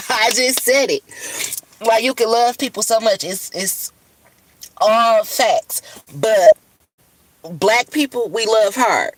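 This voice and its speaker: A woman's voice: a little high, lively intonation, takes it slowly, pauses often, low-quality recording. A woman talking casually on a livestream from her phone, blunt and full of profanity. She rambles about love and self-care, tired and puffy-eyed after crying. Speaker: livestream host. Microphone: phone camera.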